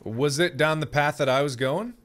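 A man's voice: on the high side, moderate pace, a little hiss or hum. A man streaming a horror game with friends, chatting casually and yelping at scares. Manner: jumpy, yelps and shouts at scares. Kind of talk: casual co-op gaming chat.

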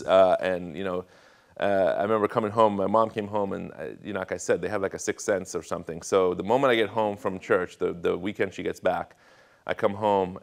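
A young adult man giving a sermon testimony as guest speaker, acting out family dialogue in an animated storytelling manner. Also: on the low side, gravelly.

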